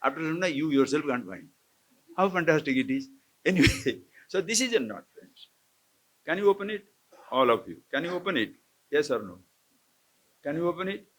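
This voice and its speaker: A swami from India gives a live spiritual talk on scripture in an ashram camp lecture hall, often pausing, questioning the audience, and chuckling. His fairly bright voice runs on the high side, sing-song and at normal speed.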